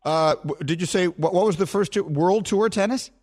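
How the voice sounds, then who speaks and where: A man's voice: high-pitched, normal speed, a little mellow. A man hosting a radio call-in show, chatting casually and enthusiastically with callers and laughing often.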